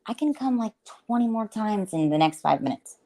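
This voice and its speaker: A woman's voice: mid-range voice, lively intonation, moderate pace, warm tone. A woman co-hosting a podcast, joking in a bawdy, candid way. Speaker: podcast co-host. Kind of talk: casual chat.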